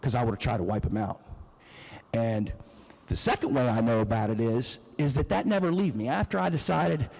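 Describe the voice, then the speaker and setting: A middle-aged state legislator delivers an emotional, emphatic floor speech that includes a personal story. His darkish, medium-pitched voice has vocal fry and a moderate pace, and the legislative chamber adds a long reverb.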